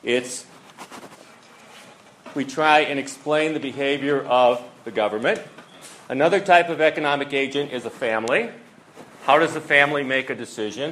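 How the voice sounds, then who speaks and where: A man's voice: mid-range voice, fairly bright tone, slight background noise, poor audio. A man giving an informal university economics lecture, conversational, with fillers and rhetorical questions. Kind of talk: classroom lecture.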